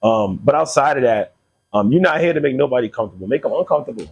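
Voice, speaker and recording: A man's voice: mid-range voice, lively intonation, quick pace, darkish tone, slightly rough, dull audio. A man hosting a podcast, talking in a casual, earnest way and telling stories from his own life. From Connecticut. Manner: earnest, storytelling, laughs easily. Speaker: podcast host. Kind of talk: casual conversation.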